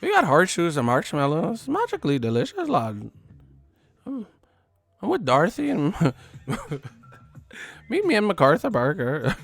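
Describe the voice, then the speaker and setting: A man putting on a tipsy, jolly leprechaun voice with a mock Irish accent, high and lilting. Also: wildly swooping pitch, a little slow, vocal fry, pauses often, dry recording, faint music behind, heavily acted. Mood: giddy. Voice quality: high, lilting and sing-song.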